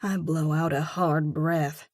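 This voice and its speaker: A woman narrating a romance audiobook in the first person, with a measured, expressive reading. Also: deep voice, dry recording, studio quality.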